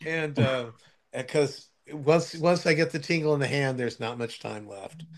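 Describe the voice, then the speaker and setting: Older man, casual chat, rambling anecdotes, mid-pitched voice, lots of ums and restarts. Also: moderate pace. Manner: rambling anecdotal storytelling with many restarts and fillers.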